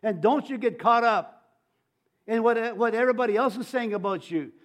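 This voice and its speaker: High-voiced older man preaching, stammering restarts. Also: normal speed. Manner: testimony-style preaching with many restarts and stammers. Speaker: pastor. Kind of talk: sermon.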